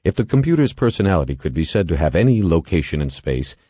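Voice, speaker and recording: A man narrating a novel as an audiobook in a measured, expressive way. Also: sits low, husky, no room sound. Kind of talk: scripted narration.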